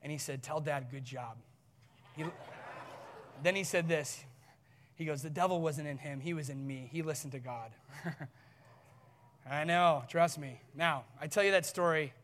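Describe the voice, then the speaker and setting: A fairly high-voiced man preaches from the front of a large church hall, his words ringing out in a long reverb. He speaks earnestly and tells a story from his family life, laughing at himself now and then. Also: a little slow, long pauses, fairly bright tone. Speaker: pastor. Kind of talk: sermon with personal story.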